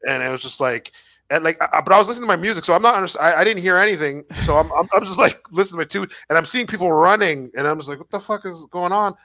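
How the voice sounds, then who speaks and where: A man telling animated, profanity-filled stories in casual chat. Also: on the high side, very fast, no echo. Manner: animated storyteller, swears a lot.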